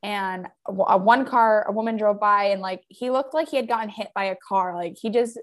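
A woman's voice: mid-range voice, fairly quick. A woman in her thirties, a podcast co-host, telling a story in casual chat and acting out the voices of people in it. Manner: animated storyteller, acts out quoted voices. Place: home, under a blanket.

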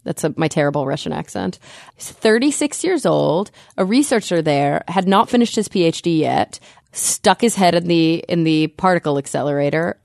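A woman co-host relating a science story in a casual, animated, chatty way. Her voice sits a little low. The recording is dry and close, with no room sound. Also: normal speed, gravelly, no echo. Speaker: podcast co-host.

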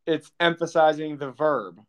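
High-voiced young man teasing as quizmaster. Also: steady tone, normal speed. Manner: teasing quizmaster, laughs often. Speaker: podcast co-host and quizmaster. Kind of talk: casual chat.

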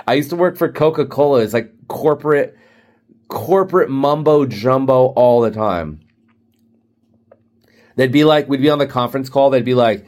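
A man's voice: medium pitch, moderate pace, darkish tone. A man hosting a podcast, rambling casually and joking between thoughts. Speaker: podcast host. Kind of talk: casual monologue.

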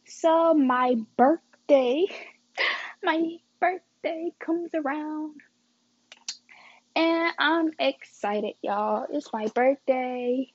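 A woman's voice: sits high, slow pace, dry recording, dull audio. A young woman casually telling a story to her viewers, chatty and slangy, acting out quoted dialogue dramatically. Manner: slangy and chatty, addresses the audience as guys and y'all.

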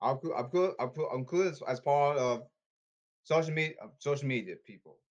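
A man's voice: mid-range voice, lively intonation, moderate pace, lo-fi sound. A man hosting a podcast, delivering an agitated, repetitive, scolding rant. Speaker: podcast host. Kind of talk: ranting podcast monologue.

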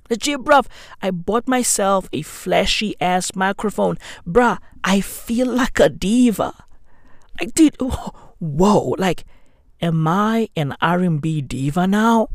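This comedian and podcaster from London has a high voice and rants slowly in slang, sardonic and offering mock apologies. His profane comedic monologue comes through clean on a new studio microphone, with no room sound.

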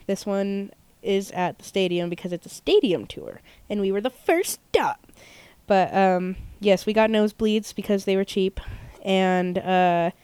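A woman's voice: mid-range voice, a little mellow, clean tone, dry recording. A young woman co-hosting a podcast, telling a long story in a rambling, casual way with lots of fillers. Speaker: podcast co-host. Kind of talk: casual chat.

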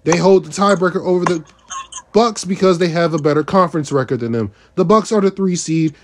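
A man with a fairly high voice co-hosts a casual sports podcast. He works through his points methodically, reading off one item after another. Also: a little fast, background noise. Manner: methodical, runs through lists step by step. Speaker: podcast co-host.

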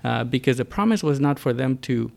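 Gravelly guy chatting about faith, lots of uh's and restarts, gets emphatic. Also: mid-range voice, lively intonation, a little mellow. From United States. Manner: halting, many fillers and restarts; earnest, builds emphatically. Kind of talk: casual religious discussion.

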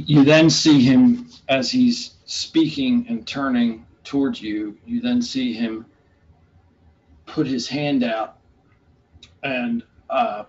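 A man running a tabletop game as game master, narrating in a hesitant way with many fillers and restarts. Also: medium pitch. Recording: dull lo-fi sound with faint room noise.

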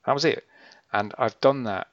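A man's voice: medium pitch, normal speed, a bit bright, no echo. A man hosting a podcast, chatting casually and rambling, acting out quotes as he explains. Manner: rambling, self-correcting, acts out quotes. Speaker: podcast host. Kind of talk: casual chat. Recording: dull, muffled sound.

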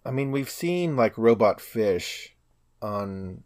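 Man, podcast co-host, casual chat, laid-back, somewhat low voice. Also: expressive, slow, darkish tone.

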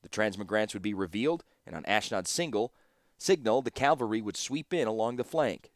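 A man with a low voice reads an audiobook in a measured, steady way. The recording is dry and close, with no room sound at all. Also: no room sound. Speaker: narrator. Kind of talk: audiobook narration.

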